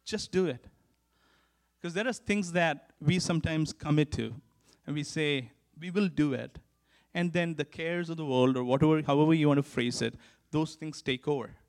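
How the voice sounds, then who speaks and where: A man preaching to his church in an earnest sermon, his voice sitting a little higher than most men's. He drives his points home by repeating them. He shifts between forceful calls to act and soft, close asides. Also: moderate pace. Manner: earnest, repeats key lines for emphasis; swings from emphatic to hushed. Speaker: pastor.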